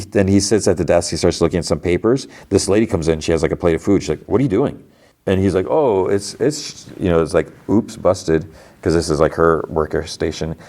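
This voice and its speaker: A man with a very low voice talks through a show recap in loose, casual chat. He keeps restarting his sentences and leans on fillers as he goes. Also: a little mellow. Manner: rambling, filler-heavy retelling with many restarts. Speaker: podcast host.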